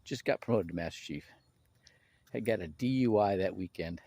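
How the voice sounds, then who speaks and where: Man, slightly low voice, animated personal storytelling with restarts. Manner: animated, acts out quoted people in a raised voice; halting restarts and repeated words. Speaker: speaker sharing his testimony.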